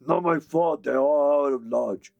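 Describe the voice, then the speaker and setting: A man's voice: a little high, unhurried, creaky, highs cut off, pitched above the performer's own voice. A man voicing dim, broken-English orc thugs. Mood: gruff. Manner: broken-English grunting bravado. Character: two brutish male orc guards, dim and bullying.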